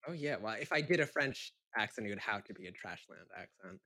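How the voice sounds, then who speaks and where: A young adult voice actor chatting playfully between accent takes, a little nervous and quick to laugh. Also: mid-range voice, animated, sharp tone. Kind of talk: casual recording session chat.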